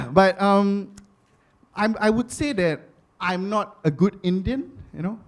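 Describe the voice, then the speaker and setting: A man in his thirties with a Singaporean English accent performs chatty stand-up on a comedy stage before a live audience. His voice sits high and he takes his time, leaning on lots of fillers and repeated phrases.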